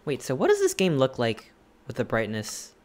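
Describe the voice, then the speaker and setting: A streamer chatting with viewers while playing a game live, thinking aloud in hesitant questions and gasping in excitement at each new find. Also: mid-range voice, moderate pace, a little hiss or hum. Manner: excitable, gasping and exclaiming at discoveries.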